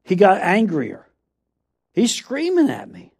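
High-voiced laughing man preaching. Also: huge pitch swings, slow, gravelly, a little mellow, breathy edge. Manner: storytelling, laughs often, repeats "come on". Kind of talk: sermon.

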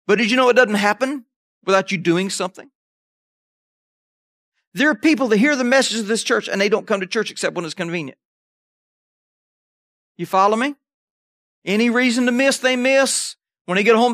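A man's voice: sits high, fairly quick, pauses often, fairly bright tone, no echo, clean studio sound. A man preaching a sermon in a conversational way, checking in with the congregation as he goes. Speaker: pastor.

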